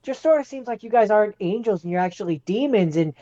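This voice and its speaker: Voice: mid-range voice, lively intonation, quick pace, warm tone, muffled recording. A podcast co-host chatting casually, joking and sarcastic, often stammering and repeating words. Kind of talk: casual chat.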